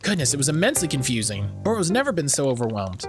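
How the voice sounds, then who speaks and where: A man's voice: mid-range voice, sing-song, quick pace, music in the background, lightly acted. A man reading as a formal, fussy tea shop manager. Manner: speaks of himself by name, formal.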